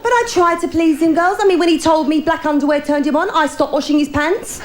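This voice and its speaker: A woman's voice: sits high, fairly even intonation, brisk, some chatter behind. A woman performing a bawdy, confiding stand-up routine, talking directly to the audience. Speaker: stand-up comedian.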